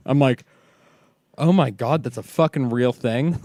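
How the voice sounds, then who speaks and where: A man's voice: mid-range voice, a little slow, a little mellow, no echo. A man co-hosting a podcast, telling stories with easy profanity and frequent laughter. His voice sits in a middle register. It is recorded close and dry, with no room sound. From Ohio. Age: parent of young kids. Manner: profane, storytelling, laughs often. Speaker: podcast co-host. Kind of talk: casual chat.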